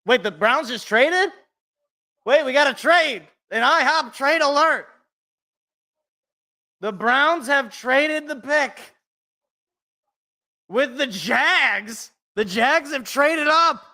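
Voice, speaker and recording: A man's voice: very high voice, expressive, slow pace, long pauses, bright, forceful tone. A young man hosting a live reaction stream, chatting casually and thinking aloud as he reacts, chuckling to himself now and then.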